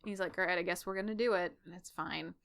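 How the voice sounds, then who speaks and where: A woman co-hosting a podcast, casually recapping a story with lively quoted dialogue and frequent laughter. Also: on the low side. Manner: animated retelling with quick voiced quotes and laughs. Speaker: podcast co-host. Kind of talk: casual fanfic recap chat.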